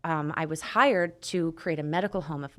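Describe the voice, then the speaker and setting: A woman's voice: low-pitched, normal speed, a bit bright. A woman from Canada, a nurse practitioner, telling her story as a podcast guest in a candid, casual way, swearing now and then and acting out dialogue.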